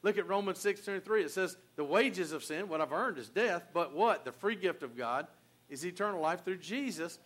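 An older man preaching a sermon in an earnest, folksy way, often restarting his sentences and swinging from quiet to loud. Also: high voice, lively intonation, normal speed. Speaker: pastor.

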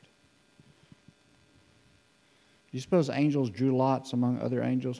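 A man preaching a sermon in a conversational, animated way, acting out the voices in the scripture he reads. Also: medium pitch, slow pace, vocal fry, long pauses, in a large hall. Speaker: pastor.

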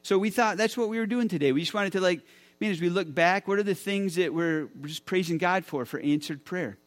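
A man's voice: high voice, brisk. A man in his forties, a pastor speaking to his church, enthusiastic and often repeating words as he talks. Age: 40s. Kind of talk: church sermon talk. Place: church sanctuary.

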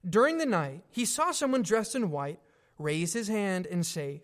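A man preaching a sermon in an earnest, deliberate way, stressing his points with direct questions to his listeners. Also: high-pitched, lively intonation.

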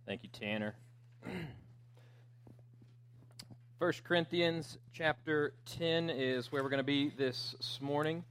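A man's voice: fairly high pitch, a little slow, fairly bright tone, a little hiss or hum. A man preaching a sermon as pastor in a conversational way, with joking asides and fillers.

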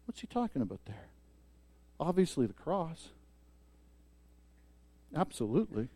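A man preaching a sermon as pastor, emphatic, swelling loud on key points and dropping soft. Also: fairly high pitch, very animated, measured pace, husky, no room sound.

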